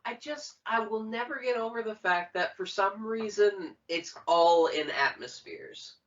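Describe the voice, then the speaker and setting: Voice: medium pitch, animated, measured pace, a bit bright. A podcast co-host chatting casually and sarcastically while watching a movie. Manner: sarcastic, teasing, swears freely. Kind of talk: casual chat over a movie. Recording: muffled, a bit distant from mic.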